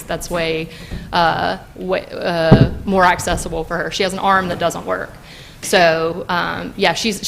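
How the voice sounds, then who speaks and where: A woman's voice: on the low side, vocal fry, fairly bright tone, a little hiss or hum. A woman giving heated public comment at a city council meeting, with many fillers and restarts as she addresses the council directly. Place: council chamber.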